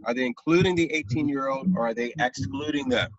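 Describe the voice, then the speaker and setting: Patient teacher on a muffled video call. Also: male voice, medium pitch, fairly quick, no room sound. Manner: patient, checks understanding often. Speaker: math teacher. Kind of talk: online class lesson. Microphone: computer mic on a video call. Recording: dull, lo-fi video call audio.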